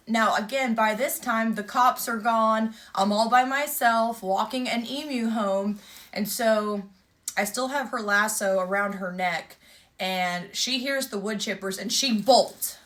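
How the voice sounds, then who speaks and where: A woman tells a story in a casual, chatty way. Her voice is bright and forward, her pitch sits in the middle, and she acts out each exchange in a lively way. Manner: lively, vivid retelling with quoted exchanges. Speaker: emu owner telling a story.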